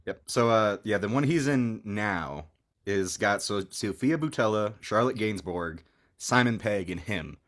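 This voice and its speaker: A man's voice: on the low side, unhurried. A man co-hosting a movie podcast, chatting casually and wrapping up the episode. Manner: relaxed, wraps up the show. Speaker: podcast co-host. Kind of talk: casual chat.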